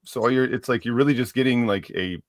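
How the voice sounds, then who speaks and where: A man talking as a guest in casual chat about books, hesitant and halting with many fillers. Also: medium pitch, dry recording, studio quality.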